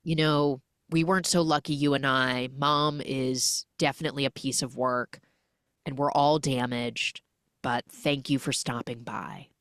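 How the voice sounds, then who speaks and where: A woman's voice: rumbling low, steady tone, measured pace, no room sound, studio quality, pitched below the performer's own voice. A woman doing a weary, resigned sister.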